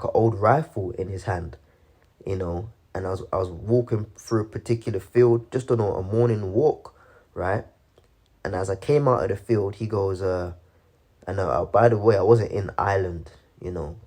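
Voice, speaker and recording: Low-voiced man preaching casually. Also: mellow. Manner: halting, many restarts, keeps saying "man" and "you know". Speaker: religious commentator.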